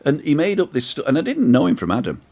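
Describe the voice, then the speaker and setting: A man's voice: a little high, wildly swooping pitch, quick pace, darkish tone. A man, hosting a live show from a sunny outdoor balcony and telling a rambling, chatty anecdote full of asides. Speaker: host. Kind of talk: casual storytelling on a live show.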